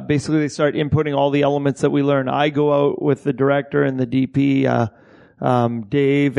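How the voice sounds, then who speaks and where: A man's voice: mid-range voice, gravelly, darkish tone. A Canadian-born man, an assistant director, talking casually with frequent restarts and swearing. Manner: halting, many restarts and swearing. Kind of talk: casual podcast conversation.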